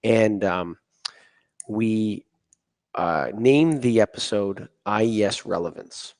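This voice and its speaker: A man hosting a casual podcast interview, talking in a relaxed, rambling way with lots of ums and you-knows. His voice is fairly low, recorded dry and close with no room echo. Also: slow pace. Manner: easygoing, many fillers, acts out quotes. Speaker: podcast host. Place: conference venue.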